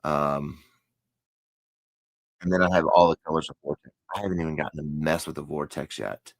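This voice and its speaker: Texan male host, deep fry-heavy voice, casual rambling chat, dry close sound. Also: fairly even intonation, normal speed, dry recording, rough recording. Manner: rambling, self-correcting, chatty. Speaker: crochet channel host.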